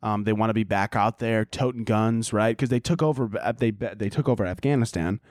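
A man's voice: on the low side, fairly quick, a little mellow, no room sound, clean studio sound. A man hosting a comedy podcast, talking in a crude, sarcastic monologue and laughing at his own jokes. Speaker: podcast host.

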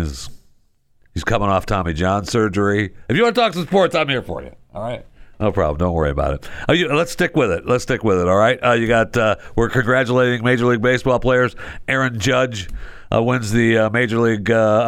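A radio talk show host delivers a casual monologue full of chatty, opinionated asides and wry humor. His voice is low and a bit bright, with no echo.

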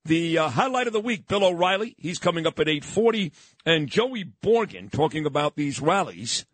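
A man talks on a radio show, combative and sarcastic. His voice is husky and fairly high for a man. The studio sound is dry and close. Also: sing-song, moderate pace, dry recording. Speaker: radio talk show host. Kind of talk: opinionated talk radio monologue. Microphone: studio microphone.

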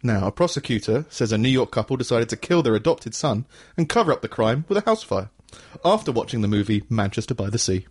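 A man's voice: medium pitch, sing-song, fast talker, slightly rough. A man co-hosting a casual comedic podcast, rambling, laughing often and swearing freely. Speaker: podcast co-host.

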